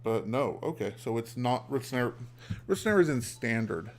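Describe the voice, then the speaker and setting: A man's voice: on the low side, normal speed. Man mulling over game moves aloud. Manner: thinks aloud, hesitant, many ums. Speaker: streamer playing a digital card game. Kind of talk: casual gameplay commentary. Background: background music.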